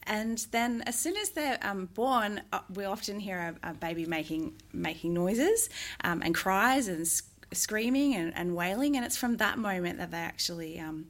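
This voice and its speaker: Gentle woman music therapist. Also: on the low side, expressive, moderate pace. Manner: gentle explanatory, acts out sing-song baby talk. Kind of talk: interview answers.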